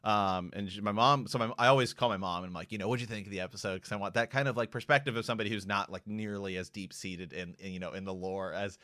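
A man co-hosting a podcast, chatting casually and trailing off into quiet asides. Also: fairly low pitch, fast talker, few pauses, no echo, clean studio sound. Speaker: podcast co-host. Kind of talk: casual fan discussion.

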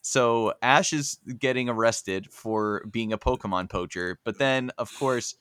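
A man hosting a podcast, casually recapping a cartoon episode with animated, joking storytelling. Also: medium pitch, a little slow, clean tone. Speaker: podcast host.

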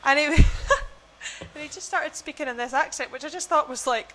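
Young woman podcast co-host with a fairly high voice. Casual, gushing film chat with lots of fillers. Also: brisk, a bit bright, a little hiss or hum. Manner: chatty, gushing, many fillers and restarts.

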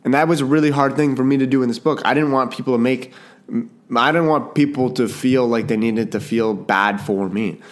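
A male podcast host from Canada talks on his own in a loose, chatty way. His voice sits at an ordinary middle pitch, and he often stops mid-sentence to start over. He jokes at his own expense and keeps apologizing. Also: fairly quick. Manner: rambling and self-deprecating, with frequent restarts; apologetic, jokey. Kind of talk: casual solo podcast chat.

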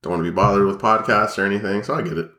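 A man's voice: on the low side, steady tone, rapid-fire, sharp tone, roomy sound. A young man co-hosting a casual podcast, sounding nasal from a cold, rambling and joking with lots of fillers. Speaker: podcast co-host. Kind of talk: casual chat. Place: small home studio, echoey.

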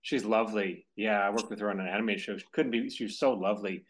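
A man hosting a casual interview, trading stories and swearing casually. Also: fast. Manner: lively pitch, swears casually, frequent backchannel. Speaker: podcast host.

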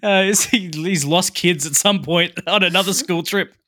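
A man's voice: high voice, moderate pace, pushed and bright. A man co-hosting a casual movie podcast, rambling with many fillers and laughing easily. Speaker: podcast co-host. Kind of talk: casual movie-review chat.

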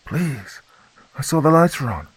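A man's voice: big pitch swings, a little slow, husky, no room sound, exaggerated voice. A man doing a terrified pleading woman. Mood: desperate pleading. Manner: high, trembling, desperate pleading.

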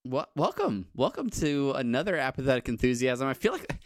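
A man's voice: medium pitch, sing-song, fairly quick, no room sound, clean studio sound. A man hosting a casual podcast, chatty and self-deprecating, laughing often. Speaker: podcast host.

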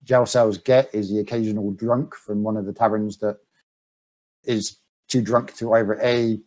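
A man narrating as game master of a tabletop role-playing game, pausing often and chuckling now and then. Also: lowish voice, level tone, warm tone, rough recording. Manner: hesitant, many ums, chuckling.

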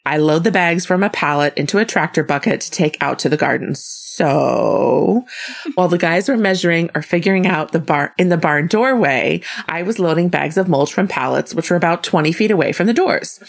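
A woman with a somewhat low voice reads a listener's letter on her podcast. She delivers it with animation and keeps breaking into laughter as she goes. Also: animated, moderate pace, vocal fry. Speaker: podcast co-host. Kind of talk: reading a listener letter aloud.

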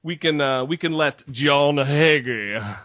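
A man's voice: a little high, slow pace, highs cut off. A man hosting a podcast in a casual chat, sarcastic and profane. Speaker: podcast host.

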